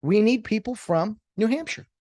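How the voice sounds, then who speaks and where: A man's voice: high-pitched, lively intonation, moderate pace, a little mellow, no echo, studio quality. A man hosting his own podcast in a rambling, sarcastic solo monologue that jumps between topics. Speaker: podcast host.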